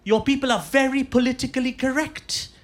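A man with an Indian English accent performing a stand-up set on stage in a deliberate, mock-formal way. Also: very high voice, fairly even intonation. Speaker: stand-up comedian. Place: comedy venue with a live audience. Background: audience laughter.

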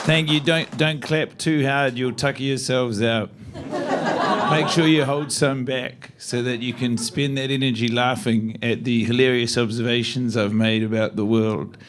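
A man's voice: medium pitch, steady tone, a little slow, noisy background. A man doing a stand-up set, teasing the audience in a sarcastic, mock-earnest way. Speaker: stand-up comedian. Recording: live venue with audience laughter.

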